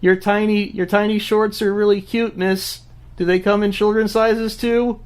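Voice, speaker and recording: A man voicing nosy, cheerful little children in a high, chirpy voice. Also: little pitch movement, moderate pace, clear, resonant tone, lightly acted. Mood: innocent.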